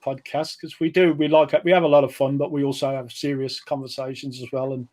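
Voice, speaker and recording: A man's voice: medium pitch, little pitch movement, fast talker, a little mellow. A man with a Midlands accent co-hosting a podcast, easygoing, agreeing a lot and laughing often in casual chat. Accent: West Midlands English. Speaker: podcast co-host.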